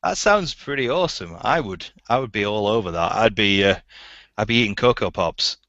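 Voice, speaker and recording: Man, interview host, casual chat, giggly, rambling, bright voice, dry dull lo-fi sound. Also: on the low side, lively intonation, fairly quick, no room sound. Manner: giggly, rambling, stumbling over words.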